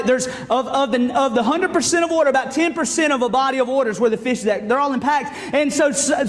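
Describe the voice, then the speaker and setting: A man, a student pastor preaching a sermon in a folksy, animated storytelling way. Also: extremely high pitch. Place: church sanctuary. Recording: long reverb of a church sanctuary.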